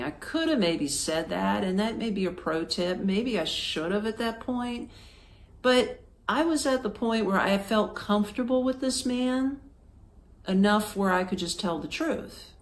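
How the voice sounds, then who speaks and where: Here a Florida woman, host of a podcast, speaks at medium pitch and a measured pace. Her travel story comes out casual and chatty, with plenty of fillers and acted-out dialogue.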